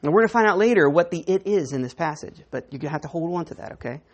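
A woman's voice: deep voice, animated, quick pace, a little mellow. A woman preaching a sermon in church, teaching in a conversational way and putting questions to the congregation.

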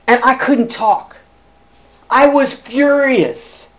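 A male pastor preaching a sermon, telling his own calling story with lively swings between hushed and loud delivery and frequent restarts. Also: high-pitched, fairly quick. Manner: frequent restarts and repeated words. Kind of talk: sermon with personal testimony.

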